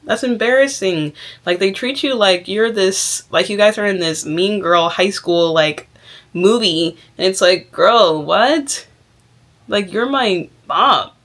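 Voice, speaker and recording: A woman's voice: mid-range voice, a little slow. Young woman vlogger, casual and outspoken, filler-heavy talk. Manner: frank, animated, heavy use of "like". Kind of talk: casual advice monologue.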